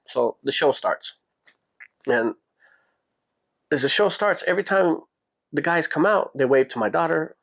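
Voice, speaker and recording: A man hosting a podcast, telling a personal story in a casual, animated way and jumping his pitch up when he quotes people. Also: a little slow, creaky, long pauses. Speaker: podcast host.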